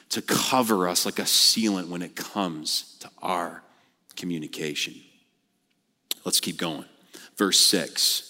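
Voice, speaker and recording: Lively, blunt preacher man in a hall. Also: mid-range voice. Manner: animated, blunt preaching with casual slang. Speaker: pastor. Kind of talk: sermon.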